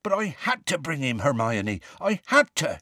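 A man voicing a huge, gentle half-giant who speaks in rough country dialect, anxious and close to tears. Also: fairly high pitch, huge pitch swings, moderate pace, dry recording, voice pushed up, exaggerated voice. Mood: desperate.

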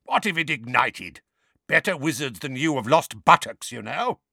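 A man voicing a gruff, grizzled old male wizard who is suspicious and irritable, with a low growling voice and blunt, barking warnings. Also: big pitch swings, normal speed, pushed and bright, dry recording, studio quality, heavily acted.

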